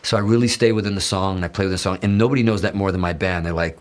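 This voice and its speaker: A man with a lowish voice tells an interview story. He is animated and profane, stumbles through restarts and acts out the lines of the people in his story. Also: very fast, hardly any pauses. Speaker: guitarist and interview guest.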